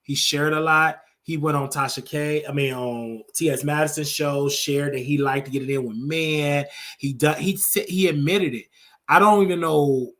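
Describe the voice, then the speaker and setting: Animated man dishing gossip. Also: normal speed. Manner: animated, dishy storytelling with sudden pitch jumps. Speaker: show host. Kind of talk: casual gossip talk.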